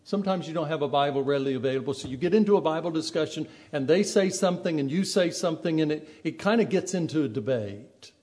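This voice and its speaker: A man's voice: fairly high pitch, fast talker, hardly any pauses, darkish tone. Conversational man preaching to a congregation. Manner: conversational, acts out quoted speech. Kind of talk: sermon.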